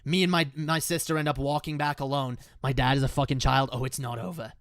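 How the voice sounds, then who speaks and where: A man's voice: medium pitch, flat delivery, a little fast, a bit bright, dry recording, clean studio sound. A young man telling a painful personal story in a raw, emotional way, swearing often and stumbling over restarts. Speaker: musician telling the story behind a song.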